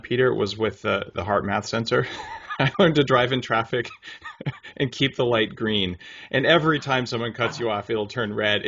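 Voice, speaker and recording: A man hosting a conversational interview, relaxed, and backing his guest with short affirmations. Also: on the low side, muffled recording. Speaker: podcast host.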